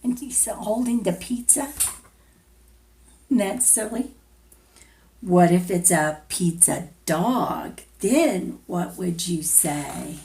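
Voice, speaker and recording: A woman teacher reads a picture book aloud to little children, gentle and playful. She takes it very slowly, with a lively pitch that rises and falls through every question she asks them. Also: gravelly, slight background noise.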